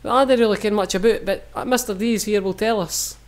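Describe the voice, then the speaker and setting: A man's voice: high-pitched, steady tone, fast. A Scottish man hosting a podcast, joking and ranting with casual swearing among friends. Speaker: podcast host. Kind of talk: casual banter.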